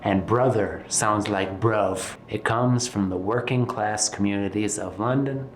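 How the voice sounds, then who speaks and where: Low-voiced man teaching in a roomy space. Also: unhurried, a little hiss or hum. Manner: playful, jokey asides. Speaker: English teacher. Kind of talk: casual explanatory video lesson. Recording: roomy echo.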